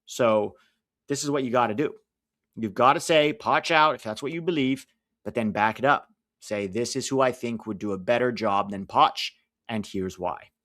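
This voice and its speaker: An American man chats casually as he hosts a live stream, rattling off lineups and answering viewers' messages. His voice sits at an ordinary middle pitch and is picked up dry and close, with no room sound around it. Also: normal speed, fairly bright tone, no echo. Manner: chatty, reads out lineups and chat messages. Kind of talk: casual live watch-along chat.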